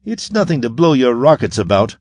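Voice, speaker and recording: Cocky android: man playing a bold, cheeky male acrobat, bright and high, dry close sound. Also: big pitch swings, moderate pace, dry recording. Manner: cocky, breezy, higher pitched.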